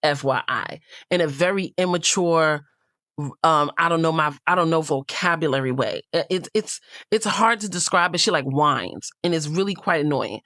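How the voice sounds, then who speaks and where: A woman's voice: low-pitched, expressive, normal speed, fairly bright tone, no echo, clean studio sound. A woman hosting a casual show recap, blunt and opinionated, cursing freely as she comments. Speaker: reality show recap host.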